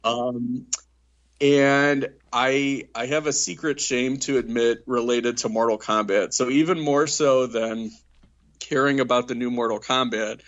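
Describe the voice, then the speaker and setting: A man co-hosting a podcast in casual chat, rambling with many fillers and quick giggles. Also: mid-range voice, steady tone, fairly bright tone, muffled recording. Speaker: podcast co-host.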